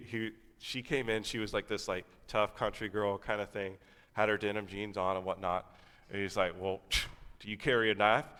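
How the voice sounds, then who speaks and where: A man's voice: lowish voice, a bit bright, smooth. A man in his thirties giving a sermon in a church, talking conversationally with plenty of fillers and asides. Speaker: preacher. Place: church sanctuary. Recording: long hall reverb.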